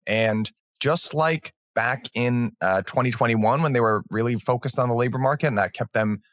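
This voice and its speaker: A man's voice: medium pitch, normal speed, no echo, clean studio sound. A man hosting a markets podcast, walking through economic data in a conversational way with fillers. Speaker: podcast host. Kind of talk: casual market chat.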